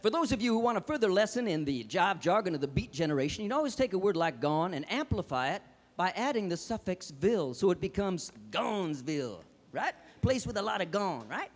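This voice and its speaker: In a high, exaggerated, very animated voice, a little on the fast side, a comedian inhabits a fez-topped beatnik poet character on stage. He delivers jive hipster patter and dramatic verse. Music, audience reactions, and reverb come through the live recording.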